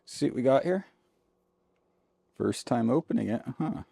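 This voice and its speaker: A man's voice: medium pitch, expressive, unhurried, gravelly, warm tone, husky, dry recording. A man vlogging from inside his RV, talking casually to himself and his viewers while he works, grumbling and folksy, into a handheld mic. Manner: folksy and informal. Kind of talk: casual vlog talk.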